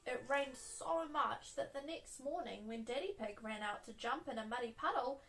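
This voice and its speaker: A woman reads a children's picture book aloud in a soft, expressive way. Her voice sits a little high, with a gentle storytime lilt. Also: moderate pace, few pauses, rough recording.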